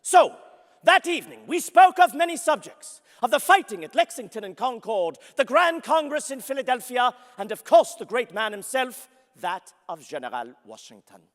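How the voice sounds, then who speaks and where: A man playing an ardent young French nobleman, soaring pitch. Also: very animated, normal speed, a bit bright, exaggerated voice. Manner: grandiloquent, addresses audience directly, laughs often. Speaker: historical character interpreter. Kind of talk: theatrical first-person historical storytelling. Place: large convention hall before an audience. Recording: long reverb of a large hall.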